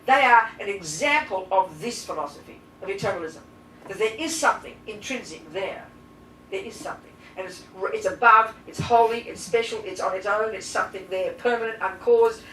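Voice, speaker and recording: A woman with a fairly high voice gives a live Buddhist class, blunt and animated, constantly asking her listeners rhetorical questions. She is picked up by a mic some way off, so her voice echoes around the room. A faint hiss runs underneath. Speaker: Buddhist nun teacher. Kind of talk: live dharma teaching to a class. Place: teaching room with audience. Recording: roomy echo, distant mic, faint hiss.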